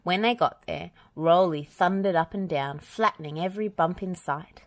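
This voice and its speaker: A woman reading a children's picture book aloud, gentle and even, in a slightly low voice. The recording is dry and close, with no room sound. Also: moderate pace, no echo. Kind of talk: storybook read-aloud narration.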